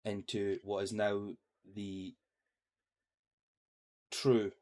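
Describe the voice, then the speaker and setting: A young man narrating a tabletop game as game master, halting with frequent fillers. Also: lowish voice, flat delivery, darkish tone.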